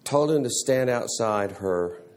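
A man teaching a church Sunday school class in a halting way, restarting words and often clearing his throat. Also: mid-range voice, animated.

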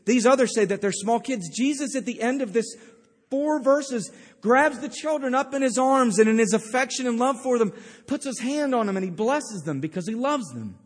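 A man's voice: very high voice, lively intonation, normal speed, husky, long reverb tail. A male pastor preaching a sermon, with emphatic storytelling. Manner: emphatic storytelling with acted-out quotes.

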